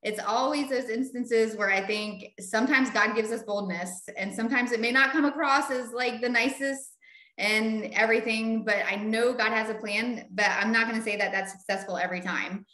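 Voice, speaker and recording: Brief: middle-aged woman, bright and animated, high-ish voice, echoey room. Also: normal speed. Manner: animated, acts out quoted voices. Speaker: Bible study leader. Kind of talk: casual storytelling.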